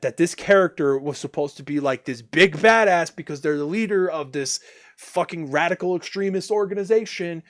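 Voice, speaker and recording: A man's voice: fairly high pitch, moderate pace. A man streaming a game, ranting casually and crudely with many restarts and exasperated outbursts. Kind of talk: casual ranting chat while gaming.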